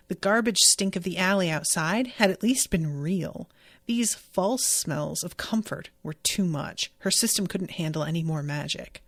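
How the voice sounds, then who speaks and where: A woman's voice: fairly low pitch, creaky, no echo. A young woman hosting a book podcast, chatting casually, reading passages aloud and reacting with emphatic swearing. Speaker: podcast host.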